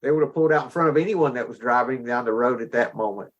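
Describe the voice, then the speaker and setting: A man leading a recovery discussion group, calmly thanking and calling on each speaker. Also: mid-range voice, quick pace, highs cut off. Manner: calm, affirming, calls on each speaker. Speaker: meeting facilitator. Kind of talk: casual discussion.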